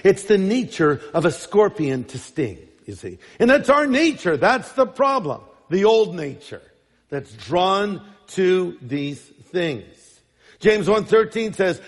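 Male pastor, sermon, emphatic, rhetorical questions, high voice, long hall reverb. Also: big pitch swings, measured pace.

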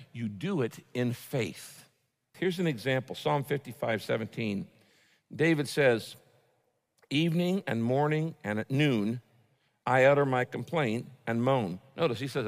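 A man preaching a sermon, moving from loud pleading prayers to quiet, intimate asides to his listeners. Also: mid-range voice, gravelly, in a large hall. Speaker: pastor.

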